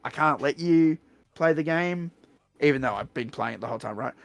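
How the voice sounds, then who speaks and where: Blunt, gravelly Australian man. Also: fairly high pitch, a little fast, no echo. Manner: blunt, profane, animated storytelling. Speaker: streamer host. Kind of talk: casual storytelling chat.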